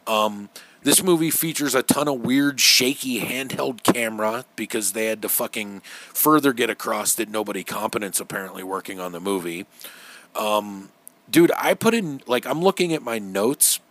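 A man's voice: on the low side, lively intonation, normal speed, a bit bright. A man co-hosting a podcast, chatting casually and sarcastically while reviewing a movie from his notes, swearing freely. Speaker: podcast co-host.

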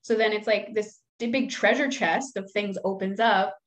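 A woman's voice: mid-range voice, fairly even intonation, moderate pace. A young woman speaks in a loose, conversational way. She is frank and self-deprecating and swears freely. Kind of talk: casual chat.

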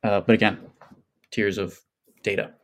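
Low-voiced man explaining biblical text. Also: fairly even intonation, normal speed. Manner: explanatory, hedging with fillers. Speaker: podcast guest. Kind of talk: casual scholarly discussion.

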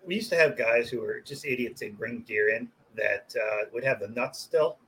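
A man's voice: medium pitch, normal speed, sharp tone, a little hiss or hum. A man who works as a butcher, telling a rowdy story in casual chat. He swears freely, laughs as he goes and raises his voice to act out what others said. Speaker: butcher and podcast guest.

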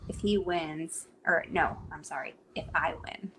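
Chatty mom with a laugh. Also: female voice, low-pitched, unhurried, a bit bright, slight background noise. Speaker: podcast guest. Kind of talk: casual chat.

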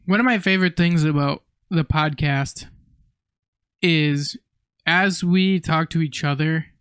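A woman's voice: low-pitched, unhurried, clean tone, no echo, studio quality. A woman co-hosting a casual faith podcast, easygoing and agreeable. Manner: easygoing, agreeable, lots of short affirmations. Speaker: podcast co-host.

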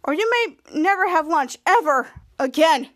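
A woman voicing a blustery adult male superhero leader, speaking in a drawn-out, emphatic way. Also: very high-pitched, animated. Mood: boastful.

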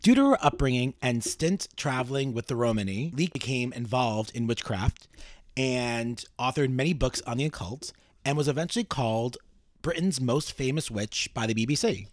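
A man's voice: medium pitch, normal speed, dry recording, studio quality. A man hosting a podcast, telling a story casually and reading out quotes. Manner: animated storyteller, reads quotes aloud. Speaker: podcast host.

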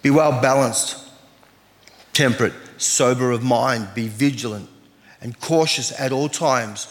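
A man's voice: mid-range voice, unhurried. A man, a pastor preaching an earnest sermon and reading scripture aloud. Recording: long hall reverb.

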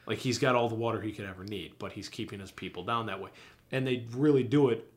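Young male co-host, slightly low voice, eager rambling talk, casual swearing. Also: quick pace. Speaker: podcast co-host. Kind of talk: casual chat.

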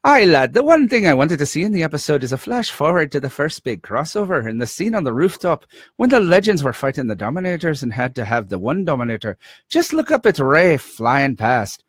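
A man's voice: a little high, big pitch swings, fairly quick, slightly rough, no echo, studio quality, voice pushed up. A man putting on a hammy mock-Scottish fan. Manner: hammy, jokey read-out. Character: man faking a Scottish fan's voice.

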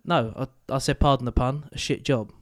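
A man's voice: mid-range voice, fairly even intonation, brisk. A young man co-hosting a podcast, chatting casually, swearing freely and breaking into mock singing and laughter. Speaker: podcast co-host. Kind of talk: casual banter.

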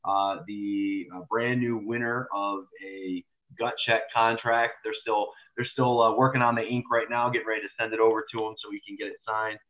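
A low-voiced man hosts a podcast over a thin, phone-like line. He jokes around loosely, then reads out upcoming events in a punchy announcer delivery. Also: steady tone, moderate pace. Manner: loud, joking, shifts into an announcer read. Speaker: podcast host and promoter. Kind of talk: casual podcast chat.

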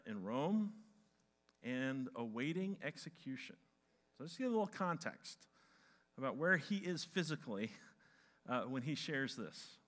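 A man preaching a sermon to a congregation, dramatizing Bible stories with animated shouts. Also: medium pitch. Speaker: pastor.

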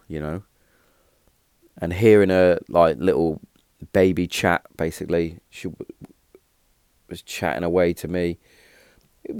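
Bloke, thirties, very low voice, dry close sound, rambling storyteller. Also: male voice, no echo. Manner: rambling, animated when telling a punchline, frequent restarts and fillers. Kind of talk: casual storytelling.

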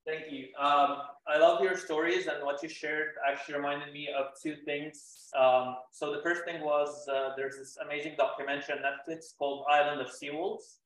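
A man's voice: on the high side, fairly even intonation, normal speed, few pauses, a bit bright, very echoey, rough recording. A man calling in to a talk show, speaking politely and hesitantly with many "um"s. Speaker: caller. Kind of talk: casual conversation.

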